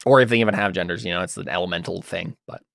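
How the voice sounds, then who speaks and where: A man's voice: low-pitched, racing, creaky, a bit bright, no echo, studio quality. A man narrating as game master in a tabletop role-playing game, casual and rambling with lots of fillers.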